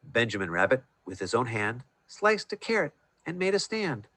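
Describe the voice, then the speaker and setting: A man's voice: mid-range voice, moderate pace, no room sound. Man reading a rhyming storybook aloud. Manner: sing-song, expressive reading. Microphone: video call.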